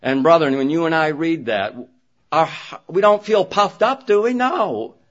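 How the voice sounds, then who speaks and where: A man's voice: on the high side, unhurried. Guy preaching, tells a story, voice jumps around a lot, kinda dull muffled recording. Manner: animated storytelling, acting out others' words. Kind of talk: sermon with a personal story.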